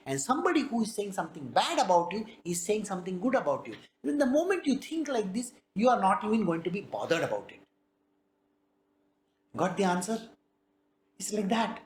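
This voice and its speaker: A woman giving a spiritual discourse as a teacher, lively and questioning, often asking her listeners rhetorical questions. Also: medium pitch, fairly quick, slight background noise. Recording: roomy echo.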